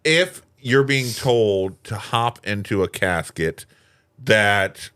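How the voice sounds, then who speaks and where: A man's voice: fairly low pitch, slow, a bit bright, clear, resonant tone. A man with a lisp co-hosting a podcast, chatting casually and crudely about a horror film, swearing freely. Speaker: podcast co-host. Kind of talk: casual chat.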